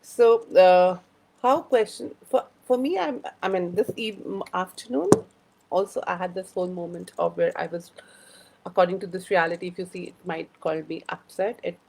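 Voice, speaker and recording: A woman hosts a casual live-stream chat. She rambles through personal stories and greets viewers by name. Her voice sits low and has a gravelly, fry-edged texture. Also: a little mellow, low-quality recording. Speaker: host of a live wellbeing chat.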